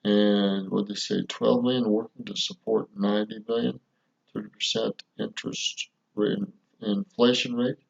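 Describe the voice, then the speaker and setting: A man hosting his own channel, giving slow, measured commentary and repeating his key points. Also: on the low side, steady tone, vocal fry. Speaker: channel host commenting on a clip. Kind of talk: commentary voice-over. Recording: lo-fi dull sound.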